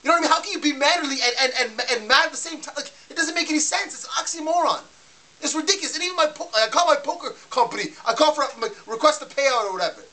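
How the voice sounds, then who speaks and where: A man's voice: very high-pitched, rapid-fire, pushed and bright. A man ranting to camera in a casual vlog, heated and fired up, stumbling and restarting his sentences as he gets worked up. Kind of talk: casual rant.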